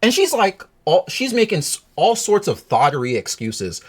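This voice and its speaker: A man's voice: high voice, big pitch swings, normal speed. An emotional, upset man telling a personal story to his viewers in a casual, rambling, agitated way. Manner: agitated, rambling, restarts often.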